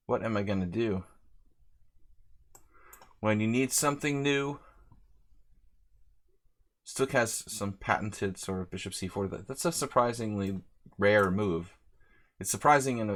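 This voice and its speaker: A man in Hungary livestreams a chess simul, filling the gaps between moves with chatty rambling and naming viewers. His pitch is fairly low, and his tone is a bit bright.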